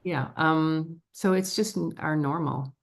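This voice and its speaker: A middle-aged actress chatting as a guest in a casual interview, telling stories in a lively, talkative way. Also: female voice, deep voice, slow, vocal fry. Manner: chatty, animated storyteller with laughs.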